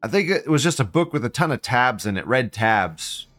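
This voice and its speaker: A man's voice: medium pitch, very animated, normal speed, a bit bright, faint music behind. A man hosting a live stream, ranting in a profane, agitated way and firing off repeated questions. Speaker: livestream host. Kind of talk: live-stream rant reading chat.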